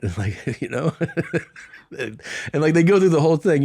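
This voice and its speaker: A man's voice: mid-range voice, very animated, fairly quick, dark tone, no echo, clean studio sound. A middle-aged man hosting a podcast, telling a story in casual chat and acting out the people in it. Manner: laid-back anecdote telling, acting out quoted exchanges. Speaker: podcast host and comedian. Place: podcast studio. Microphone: studio microphone.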